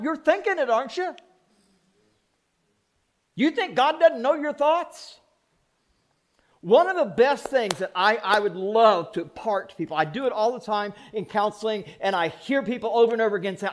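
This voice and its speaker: A man's voice: extremely high pitch, expressive, normal speed. A man preaching a sermon as pastor, folksy and plain-spoken. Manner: folksy, plain-spoken, mock voices for effect.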